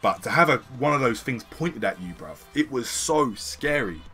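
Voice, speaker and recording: A man's voice: mid-range voice, normal speed, faint music behind. A man with a British accent, telling a story to his stream in a casual, slangy way with plenty of swearing. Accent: British English. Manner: slangy, swearing, animated retelling.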